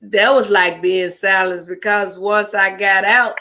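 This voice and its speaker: A man's voice: high-pitched, fairly even intonation, a little slow, sharp tone, a little hiss or hum. A man co-hosting a talk show, chatting loosely with rambling, slangy phrasing. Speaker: co-host. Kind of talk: casual talk show chat.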